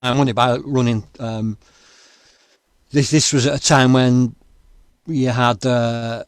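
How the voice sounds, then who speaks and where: A man hosts an interview, talking in a halting, stop-start way. His voice is recorded dry and close, and his pitch is ordinary for a man. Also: fairly even intonation, smooth, dry recording. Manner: halting, many restarts and fillers. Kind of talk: conversational interview.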